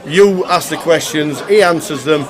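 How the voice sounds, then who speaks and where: A man's voice: a little high, moderate pace. A man hosting a poker live stream, rambling jovially through thank-yous and repeating himself. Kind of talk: live stream presenting and thank-you speech. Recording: loud crowd around the mic. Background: crowd noise.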